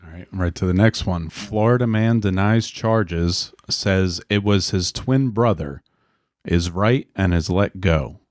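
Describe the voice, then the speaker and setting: A man's voice: sits low, measured pace, no room sound. A man co-hosting a podcast in casual chat, dry and matter-of-fact as he reads out headlines and gives answers. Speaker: podcast co-host.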